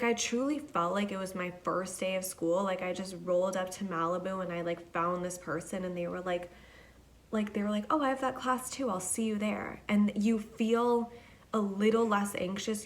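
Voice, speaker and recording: A young woman hosting a podcast alone, telling a story in a chatty, casual way, swearing and saying "like" a lot. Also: medium pitch. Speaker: podcast host.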